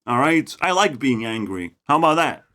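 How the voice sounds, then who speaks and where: Young guy w lithuanian accent ranting in the woods, swears a lot, voice jumps all over, loud then mumbly. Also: big pitch swings, normal speed. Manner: profane, mocking, swings between loud outbursts and low mutters. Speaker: vlogger. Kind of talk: ranting monologue. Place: outdoors in a forest.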